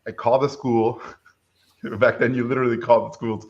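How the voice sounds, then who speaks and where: A middle-aged man from Mexico, a film director, telling a story in a lively way and acting out the people in it. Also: mid-range voice, fairly quick, highs cut off. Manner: animated, acts out quoted voices. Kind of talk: casual storytelling chat.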